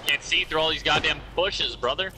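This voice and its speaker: A man streaming a shooter game, chatting loosely with his teammates and making quick callouts. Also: fairly high pitch, music in the background. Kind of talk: casual gaming chat with teammates. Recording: noisy with game sounds behind.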